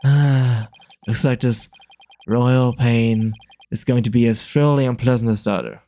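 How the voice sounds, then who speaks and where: A man's voice: mid-range voice, measured pace, warm tone, natural voice. A man streaming a game, reading an earnest male defense attorney in his own plain voice. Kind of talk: casual game dialogue reading.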